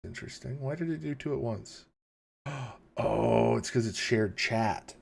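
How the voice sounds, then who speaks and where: Gravelly, husky man chatting on stream. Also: medium pitch, a little slow, a little mellow. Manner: rambling, chuckling, reading chat questions aloud. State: tired, early morning. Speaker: livestream host. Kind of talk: casual chat with live chat.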